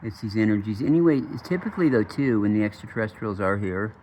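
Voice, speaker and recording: A man's voice: lowish voice, expressive, fast, darkish tone, a little hiss or hum. A man hosting his own channel, telling a long rambling story in a casual, profane, digressive way. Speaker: channel host.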